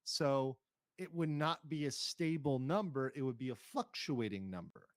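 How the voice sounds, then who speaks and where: A man's voice: medium pitch, animated, normal speed, no echo, clean studio sound. A man hosting a stream, commenting on clips and reading chat aloud in a careful, hedging way. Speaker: streamer host. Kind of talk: casual commentary reacting to clips.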